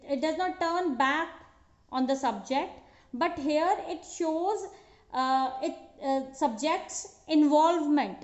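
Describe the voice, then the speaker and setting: Woman, teacher, high voice, unhurried, patient, many fillers, roomy echo. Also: darkish tone. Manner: slow, patient, with frequent fillers and restarts. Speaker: English teacher. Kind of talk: recorded school grammar lesson. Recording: dull echoey room recording.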